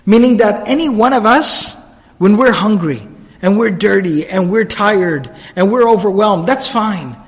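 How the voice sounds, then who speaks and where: A man's voice: sits high, expressive, unhurried, in a large hall. A man giving a storytelling religious lecture, earnest and explanatory, repeating phrases for emphasis and reciting Arabic quotes fluently.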